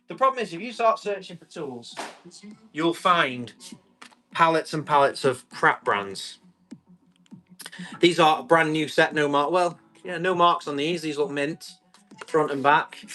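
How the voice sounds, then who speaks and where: A man, selling tools on a live stream, chatty and quick to describe each item and call out the bids. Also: on the high side, pushed and bright. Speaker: live auction seller.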